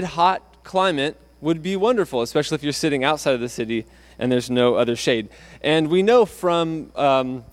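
Conversational preaching man, slightly high voice. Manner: conversational preaching with restarts, acting out quotes. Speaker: pastor. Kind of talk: sermon.

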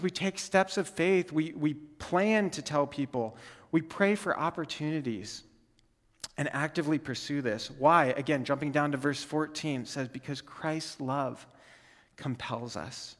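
A man's voice: a little high, a bit bright, in a large hall. A young adult man giving a sermon as a guest speaker, earnest and conversational, often checking in with "right?" and restarting his sentences. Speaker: guest speaker, campus ministry team leader. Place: church sanctuary.

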